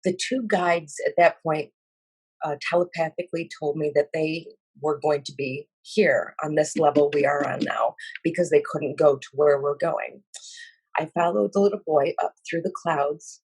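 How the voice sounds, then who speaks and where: A breathy, husky woman tells of a vision in a slow, halting way, pausing often with fillers. Her tone is earnest and emotional. The sound is dry and close, with no room echo. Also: low voice, steady tone, a little mellow. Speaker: speaker sharing a spiritual vision. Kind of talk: personal account of a vision.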